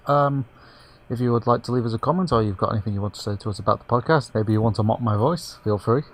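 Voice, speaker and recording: Man, quick talker, podcast outro, robotic glitchy internet voice. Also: mid-range voice. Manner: reads out show links in a quick, breezy way. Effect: slowed, robotic-sounding internet connection. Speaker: podcast co-host.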